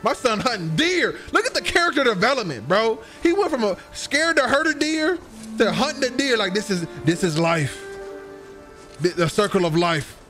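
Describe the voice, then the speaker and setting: Faint music sits behind a young man reacting excitably to a game he's playing. His voice is high and very lively, his pace moderate, and his profane joking is punctuated by loud outbursts.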